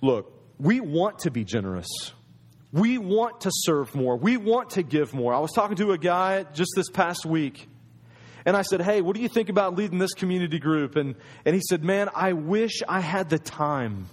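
Man preaching, slightly high voice. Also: lively intonation, normal speed, slightly rough. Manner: storytelling, acts out quoted voices. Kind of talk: sermon.

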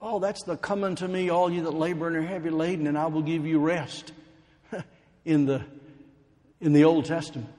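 A man preaching a sermon, slow and emphatic, building to fervent pleading. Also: a little high, steady tone, dark tone. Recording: long hall reverb.

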